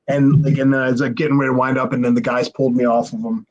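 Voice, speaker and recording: A man's voice: mid-range voice, very fast, few pauses. A man in his forties, a former pro wrestler and podcast guest, telling a rowdy story with swearing and acted-out dialogue. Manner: profane, animated, acts out quoted dialogue, restarts often. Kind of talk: casual storytelling.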